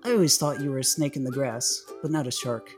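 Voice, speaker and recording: A calm, bossy older sister, as a man reads her lines in a measured, instructive way. The voice stays near an ordinary man's speaking pitch. A storybook reading of a cartoon. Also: faint music behind, close to an everyday voice.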